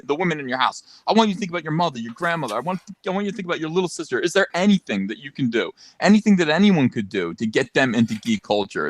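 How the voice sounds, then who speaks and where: A man co-hosting a podcast, ranting in a loud, mocking, animated way with sarcastic asides, into a studio mic. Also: medium pitch, no echo. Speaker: podcast co-host. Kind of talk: casual ranting commentary.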